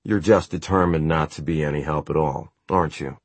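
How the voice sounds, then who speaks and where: A man's voice: extremely low pitch, fairly quick, no room sound. A man voicing a playful, flamboyant warlock with a light, teasing tone, in an audiobook reading. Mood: exasperated. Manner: light, teasing, turns commanding.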